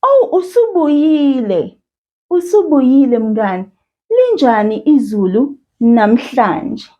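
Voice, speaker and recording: A South African woman teaching children, with encouraging sing-song praise and slow call-and-repeat drills. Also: high voice, very animated, warm tone. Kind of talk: slow, patient kids' lesson with call-and-repeat. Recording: dull lo-fi sound.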